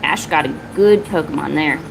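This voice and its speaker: A woman with a low, gravelly voice chats casually at a moderate pace on her art live stream, with background noise audible. Between drawing she talks to viewers and coos baby talk at her cat.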